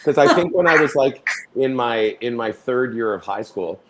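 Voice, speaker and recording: A middle-aged man from Canada tells his stories as an interview guest, in a theatrical way, acting out other people's voices and dropping into sung lines. His voice sits at an ordinary middle pitch for a man. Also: animated, normal speed, heavy background noise. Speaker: guest performer. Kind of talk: storytelling interview talk.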